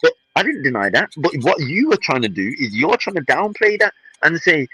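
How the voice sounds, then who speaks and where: A man's voice: a little high, wildly swooping pitch, brisk, noisy background. A man co-hosting a podcast, in fiery and mocking football banter, repeating himself. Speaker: podcast co-host.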